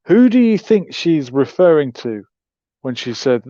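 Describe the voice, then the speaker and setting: A man's voice: on the high side, sing-song, measured pace, dark tone, dry recording. Wry male host with dull lo-fi sound. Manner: wry, sarcastic, musing. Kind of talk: livestream commentary.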